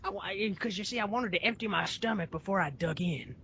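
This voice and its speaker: Podcast co-host, bright voice, laughing jokes, lo-fi audio. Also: mid-range voice, a little fast, vocal fry, slightly rough. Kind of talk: casual comedic chat. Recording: dull lo-fi sound.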